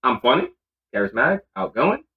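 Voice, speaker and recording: A man's voice: mid-range voice, big pitch swings, brisk, phone-quality sound. A man co-hosting a podcast in casual chat, boastful and teasing. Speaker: podcast co-host.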